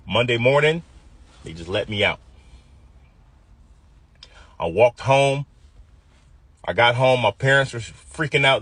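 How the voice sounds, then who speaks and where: A man's voice: fairly low pitch, a bit bright, breathy edge. A man in his fifties from the US Midwest, telling a personal story vividly and acting out the quoted voices.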